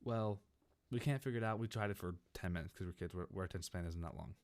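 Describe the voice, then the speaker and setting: A young man from California telling a casual storytime over gameplay, rambling and animated, with many restarts. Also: low-pitched, quick pace. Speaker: gaming channel host.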